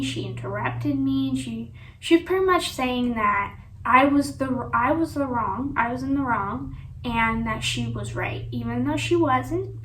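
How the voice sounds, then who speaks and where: A woman's voice: on the high side, fairly bright tone, a little hiss or hum. A woman telling a personal story on her vlog in a rambling way, full of "you know" and "like". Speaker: vlogger. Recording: echoey room, voice from a distance.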